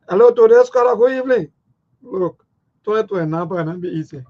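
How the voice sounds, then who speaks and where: A man's voice: high-pitched, animated, a little fast, a little mellow. A man hosting a call-in radio show, chatting loosely and calling his callers brother. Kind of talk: casual call-in radio chat. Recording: muffled, dull broadcast audio.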